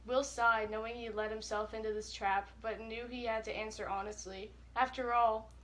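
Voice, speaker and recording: A young woman reads fan fiction aloud to a friend, rushing through it in a flat way. Her voice is bright and a little high, with a crisp edge, and laughter keeps slipping through. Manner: flat, hurried reading broken by giggles. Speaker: co-host.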